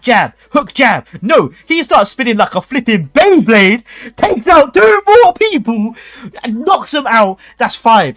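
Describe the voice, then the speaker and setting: Young man, livestream host, animated and jokey storyteller with a very lively delivery. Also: high voice. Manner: animated, jokey, acts out voices.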